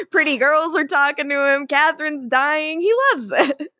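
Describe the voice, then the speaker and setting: A woman's voice: high-pitched, measured pace, sharp tone, dry recording, clean studio sound. A woman co-hosting a podcast, recapping a TV show in a chatty, giggly way and acting out characters. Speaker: podcast co-host. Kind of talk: casual TV recap chat.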